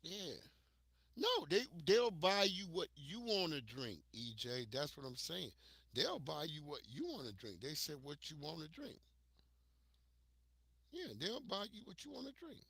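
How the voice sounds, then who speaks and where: An American man hosting a livestream, telling stories in a casual, profane, animated way to his viewers. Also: a little high, measured pace, creaky, breathy edge, no echo. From United States. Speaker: livestream host.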